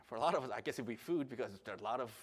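A man preaching a sermon with passion, at times loud, at times calm. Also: mid-range voice, rapid-fire, husky. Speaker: pastor.

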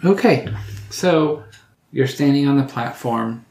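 A man narrating as game master of a tabletop game, relaxed and halting, with many fillers. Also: mid-range voice. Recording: echoey room.

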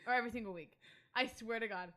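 A young woman with a bright, fairly high voice chats casually on a podcast. She speaks with playful emphasis and lively, easy conversation. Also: fast. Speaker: podcast co-host. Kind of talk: casual chat.

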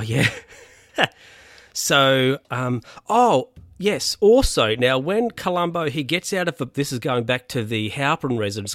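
A man's voice: mid-range voice, a bit bright, no echo, clean studio sound. A man casually recapping a TV episode, rambling, with lots of fillers and restarts. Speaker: podcast host recapping a TV episode. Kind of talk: casual chat.

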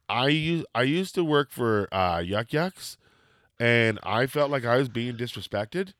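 A man from Canada tells a rambling story in casual chat, getting loud and swearing when he acts out the exchanges. His voice is smooth and clear, and the recording is close and dry. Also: mid-range voice, no echo. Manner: animated, swearing, acts out quotes loudly.

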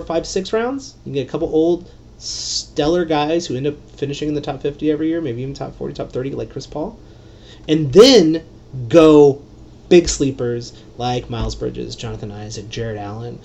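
A man hosting a solo fantasy basketball podcast, rambling and excitable, with lots of fillers and some swearing. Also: fairly high pitch, highs cut off.

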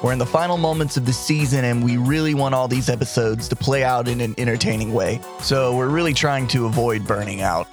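Relaxed man giving podcast announcements. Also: mid-range voice, fairly quick, few pauses, soft background music. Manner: relaxed, offhand. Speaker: podcast host and player.

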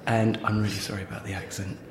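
A man's voice: lowish voice, level tone, quick pace. Man, podcast co-host, theatrical joke teller, roomy sound, faint hiss. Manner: theatrical, laughs at his own jokes. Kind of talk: playful comedy sketch and joke telling.

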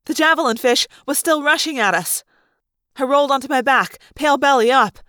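A woman narrating a first-person novel aloud for a fan-made audiobook, in a lively, dramatic storytelling manner. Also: sits high, a little fast, background noise. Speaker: audiobook reader.

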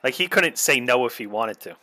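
A man making jokes on a casual watch-along podcast, his pitch rising and falling a lot. The tone is bright and clear. He laughs at his own wisecracks. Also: lively intonation, fairly quick, no echo. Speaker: podcast co-host.

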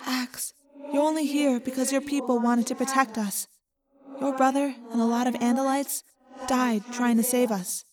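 Lady reading as a soft caring teen girl, higher voice, gentle and earnest. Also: steady tone, moderate pace, crowd noise, lightly acted. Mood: earnest, comforting.

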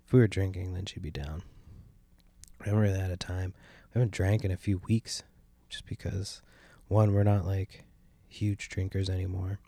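Sitting by a window at home, a young man runs a solo podcast full of profane, sardonic complaints that wander from topic to topic. He talks at normal speed in a low, steady, creaky and dark voice, with no room sound.

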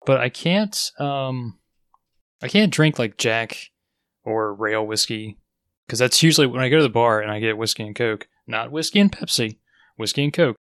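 Rambling and quick to laugh, a male co-host chats on a casual podcast. His medium-pitched voice is lively in intonation, fairly bright, clear and resonant, at a normal speed. It's a clean studio recording with no room sound.

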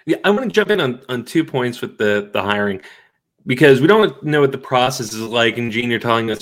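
A man with a mid-range voice co-hosts a casual sports podcast. He cuts in with dry, teasing comments. His delivery is relaxed and conversational. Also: mid-range voice, fairly quick. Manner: wry, teasing interjections. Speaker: podcast co-host.

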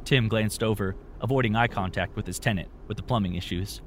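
A man's voice: lowish voice, a little fast. Man narrating a story, faint noise.

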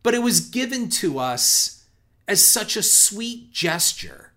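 A man's voice: high-pitched, very animated, slow pace, pushed and bright. A middle-aged man giving a reflective, conversational film commentary, earnest in tone, who often restarts on repeated words and swears casually.

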